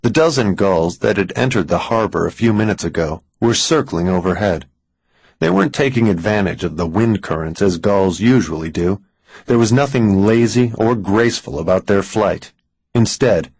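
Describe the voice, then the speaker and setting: A man reading a thriller audiobook in an even, deliberate scripted narration. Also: lowish voice, husky, no room sound, poor audio.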